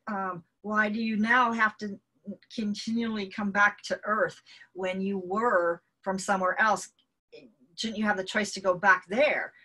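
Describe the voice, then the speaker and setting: Bright, husky-voiced woman teaching healing, loose and rambling with lots of "um"s. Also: mid-range voice. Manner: rambling, many fillers and restarts. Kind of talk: casual spoken lesson.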